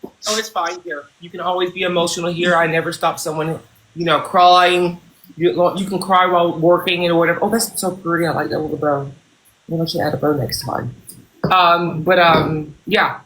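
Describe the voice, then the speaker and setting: A man hosting a livestream, playing a boss and CEO who interviews callers in a mock-formal, unhurried way. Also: on the high side, little pitch movement, fairly bright tone, slight background noise. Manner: mock-formal, unhurried, slips into thanking viewers. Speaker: livestream host. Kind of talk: role-play job interview as a boss and CEO. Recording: roomy echo, faint clicks.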